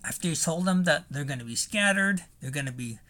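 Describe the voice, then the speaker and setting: A man's voice: on the high side, expressive, brisk, pushed and bright. A man preaching a sermon in a conversational way, thinking aloud with fillers and rhetorical questions. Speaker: pastor.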